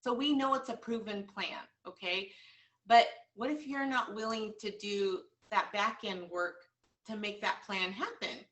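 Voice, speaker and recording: A woman's voice: mid-range voice, measured pace, a bit bright, recorded from a distance. Earnest female team leader giving a motivational pep talk, set back from the mic. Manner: earnest, repetitive, many fillers. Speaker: team leader coaching sales agents.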